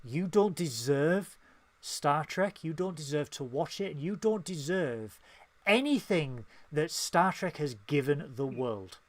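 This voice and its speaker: A man's voice: a little high, expressive, measured pace, dry recording. A man with a Northern English accent, co-hosting a casual podcast and speaking in an impassioned, emphatic way. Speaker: podcast co-host.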